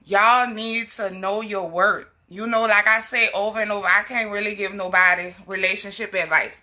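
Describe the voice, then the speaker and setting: Emphatic bright-voiced woman livestreaming. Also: mid-range voice, fairly even intonation, normal speed. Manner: emphatic, preachy, scolding asides to a small child. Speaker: health advocate vlogger. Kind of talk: casual livestream talk.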